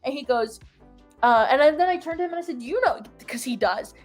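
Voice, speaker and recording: A woman's voice: sits high, fairly quick, faint music behind. A young woman casually telling a long story, full of "like" fillers and acted-out quotes. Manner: rambling, filler-heavy "like", animated retelling. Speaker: host.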